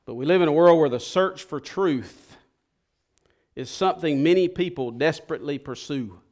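Man, pastor in a church, fairly high voice, folksy and fired-up sermon delivery. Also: normal speed. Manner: folksy, impassioned, swings from hushed to loud.

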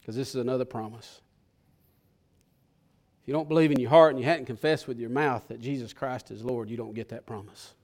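A male pastor preaching a sermon, swelling to loud bursts and then dropping to a hush. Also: medium pitch, fairly quick, long pauses.

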